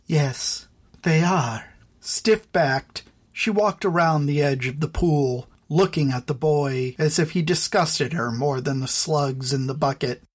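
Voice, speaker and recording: An audiobook narrator reading a fantasy story in a measured, even storytelling voice. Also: mid-range voice, husky. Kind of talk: scripted narration.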